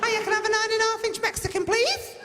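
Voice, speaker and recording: A man voicing young men who have sucked in helium, squeaky and shrill. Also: fairly even intonation, quick pace, roomy sound, long reverb tail, heavy background noise. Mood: giddy.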